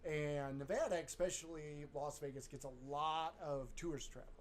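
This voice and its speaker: A man's voice: a little high, normal speed, a little hiss or hum. A man co-hosting a casual chat show, making dry joking asides. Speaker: podcast co-host.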